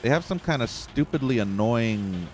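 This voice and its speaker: A man's voice: mid-range voice, expressive, normal speed, soft background music. A man giving live gameplay commentary, swearing and ranting in frustration at the game. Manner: profane, ranting, easily frustrated. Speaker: gameplay streamer.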